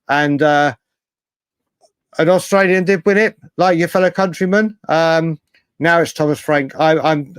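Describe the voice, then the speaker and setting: Guy hosting a live fan chat, bit high voice, dry close mic, keeps repeating himself. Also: clear, resonant tone, no echo. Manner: animated, swears, repeats himself often. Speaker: host of a live fan show. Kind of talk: live-stream chat reading viewer comments.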